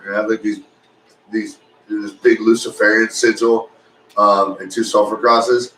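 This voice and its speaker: A man's voice: mid-range voice, steady tone, moderate pace, pushed and bright. A man co-hosting a podcast in casual chat, telling rambling, profane stories and laughing often. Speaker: podcast co-host. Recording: echoey room, mic at a distance, faint noise.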